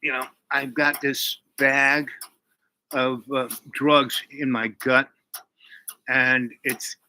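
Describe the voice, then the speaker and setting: A man's voice: mid-range voice, very slow, full character voice, poor audio. A cold gunwoman giving orders, as a man puts her on. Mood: cold menace. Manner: flat, threatening orders. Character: cold ruthless woman with a gun.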